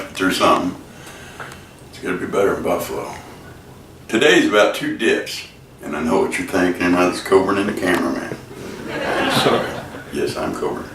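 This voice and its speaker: A man's voice: sits low, lively intonation, normal speed, fairly bright tone, slight background noise. A man hosting a home cooking show, joking and rambling in a folksy way as he makes a dish. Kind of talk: casual home cooking demo. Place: home kitchen. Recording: echoey kitchen, clear clatter of dishes.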